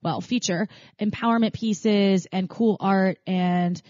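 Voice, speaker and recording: A woman's voice: mid-range voice, fairly even intonation, slow, darkish tone, dry recording. A chatty woman co-hosting a podcast, talking in a loose, conversational way with plenty of fillers and restarts. Her voice sits in a middle register. It is recorded very dry, with a dull, muffled sound. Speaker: podcast co-host. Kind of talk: casual podcast chat.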